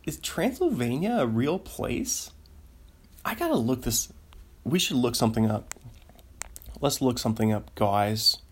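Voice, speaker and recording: A man hosting his own show, chatting casually on his own, rambling and laughing at his own jokes. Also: medium pitch. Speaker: podcast host. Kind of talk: casual solo chat.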